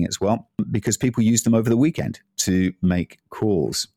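A man's voice: fairly low pitch, a little fast, few pauses, warm tone, no echo, clean studio sound. A man giving a casual, chatty cooking talk, rambling into asides and laughing as he goes. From Scotland. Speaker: cooking presenter.

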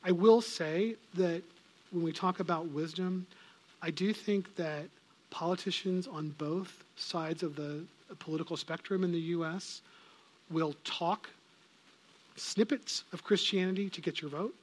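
A man's voice: sits high, measured pace. A man giving a conversational Bible teaching, earnest and plain, quoting scripture and acting out the people in it. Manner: earnest, conversational, quotes scripture with acted voices.

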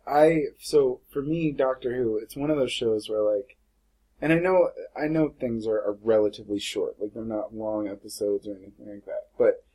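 A man's voice: fairly low pitch, moderate pace, mellow, husky, rough recording. A man speaks in a casual podcast conversation. He is earnest and lays out his reasoning at length. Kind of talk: casual chat.

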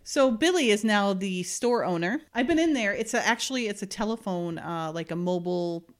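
A woman's voice: mid-range voice, animated, normal speed. Woman co-host, mid-range voice, chatty recap storyteller. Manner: chatty storytelling, frequent laughs and filler words. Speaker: podcast co-host recapping a TV episode. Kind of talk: casual chat.

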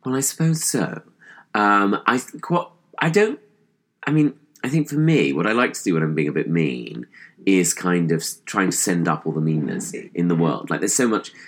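A young man with a posh English accent appears as a comedian guest in a casual interview. His deep voice is a bit bright, with lively intonation and a moderate pace, yet he comes across as thoughtful and hesitant, using plenty of fillers.

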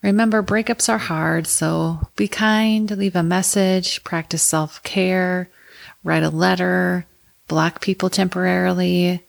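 A woman co-hosting a podcast in casual chat, supportive, with short reactions and quick asides. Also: lowish voice, fairly even intonation, creaky. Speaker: podcast co-host.

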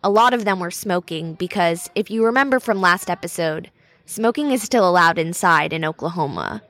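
A woman's voice: fairly low pitch, animated, normal speed, fairly bright tone. A woman narrating a podcast episode in a conversational, scripted storytelling style.

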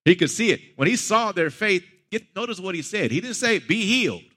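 A man's voice: high voice, lively intonation, a little fast, fairly bright tone. Preaching man in a big hall. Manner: conversational preaching, rising to emphatic peaks. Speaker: pastor. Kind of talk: sermon.

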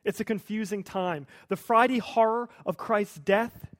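A pastor preaching a sermon in a conversational, lightly humorous storytelling manner. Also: male voice, high voice, measured pace, fairly bright tone, dry recording, studio quality.

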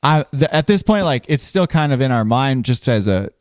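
A man's voice: mid-range voice, animated, moderate pace, dry recording. A man spins a long comic anecdote in loose podcast chat, full of "like" and restarts. His voice sits mid-range and the mic is close and dry, with no room sound. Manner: rambling, laughing, lots of filler words. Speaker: guest storyteller. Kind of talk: casual podcast storytelling.

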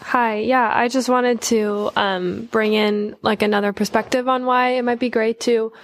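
A woman's voice: on the high side, measured pace, noisy background. A young woman on a podcast, sharing research in a casual, hesitant way with lots of fillers. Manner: hesitant, many fillers, relaxed. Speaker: podcast guest. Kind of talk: casual informative talk.

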